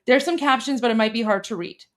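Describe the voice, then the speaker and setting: A woman's voice: on the high side, quick pace, a little hiss or hum. Chatty Canadian woman hosting political commentary. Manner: chatty, many fillers and restarts. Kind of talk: casual commentary, explaining a video clip.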